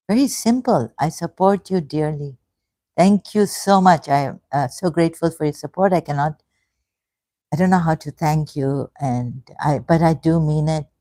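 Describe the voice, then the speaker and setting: Slow, low-voiced woman in her fifties. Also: dark tone, no echo. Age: 50s. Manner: hesitant, halting, many fillers and restarts; emotional, effusively grateful. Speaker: livestream host. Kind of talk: casual livestream chat reading comments.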